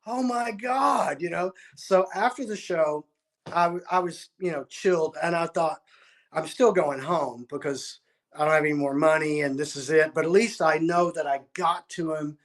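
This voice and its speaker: Animated storytelling man, raised pitch. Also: normal speed. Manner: animated, acts out quotes, restarts often. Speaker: musician guest. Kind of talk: storytelling interview.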